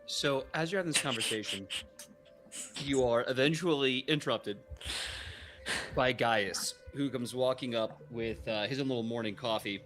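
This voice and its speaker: A man narrating as game master in a relaxed, chatty way. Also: mid-range voice, normal speed, soft background music.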